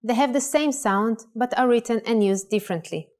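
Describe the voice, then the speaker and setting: A woman presenting a scripted language lesson, pronouncing words clearly and carefully. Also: fairly high pitch, moderate pace, a little mellow. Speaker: language teacher.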